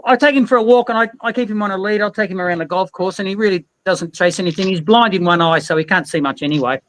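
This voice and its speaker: A man co-hosting a livestream, talking casually about his dog in a relaxed, rambling way. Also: sits high, fast, a little hiss or hum, poor audio. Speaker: co-host, dog owner. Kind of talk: casual chat.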